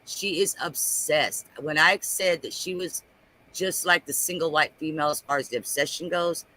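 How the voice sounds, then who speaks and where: A man talking on a casual live stream, animated and ranting, repeating himself as he makes his point. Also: fairly high pitch, moderate pace, low-quality recording.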